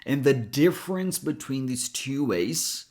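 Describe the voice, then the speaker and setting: Slow, careful male accent coach. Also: medium pitch, lively intonation, darkish tone. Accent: American. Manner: slow, careful, demonstrating sounds. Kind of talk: pronunciation lesson.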